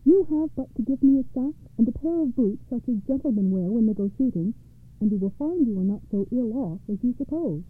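Brief: clever talking cat, grave and calm, read by a woman, tinny audio. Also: on the high side, fairly quick. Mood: persuasive.

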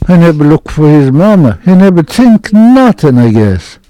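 An older man, telling a hunting story in halting, broken English with short phrases. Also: a little high, sing-song, dark tone, poor audio. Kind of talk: oral history storytelling.

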